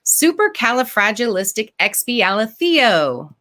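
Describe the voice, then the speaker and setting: A woman author giving a live storytime over a video call, reading her picture book with lively expression and stopping to explain words simply for children. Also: on the high side, measured pace.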